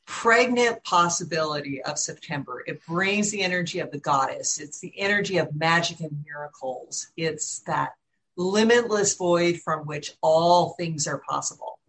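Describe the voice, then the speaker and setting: Woman host, very slow pace, emphatic drawn-out spiritual talk. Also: lowish voice, fairly bright tone, slight background noise, poor audio.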